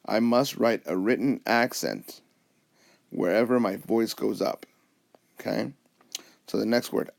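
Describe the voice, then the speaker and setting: A man with a lowish, gravelly voice talks through a recorded whiteboard lesson. He explains patiently, step by step, and keeps checking in with his listeners. It sounds like a teacher at a tablet. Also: a little mellow. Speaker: Spanish teacher.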